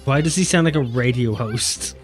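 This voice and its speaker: A man's voice: medium pitch, moderate pace, faint music behind. A man streaming a game for the first time, making wry, joking asides over the cutscenes. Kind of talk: casual gameplay commentary.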